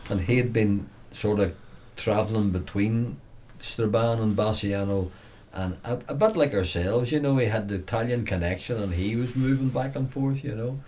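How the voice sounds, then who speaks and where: A Northern Irish man telling stories from his childhood in a relaxed, chatty way. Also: lowish voice, moderate pace, a little hiss or hum. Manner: storytelling, acts out quoted voices. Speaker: brother reminiscing on radio. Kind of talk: casual reminiscing.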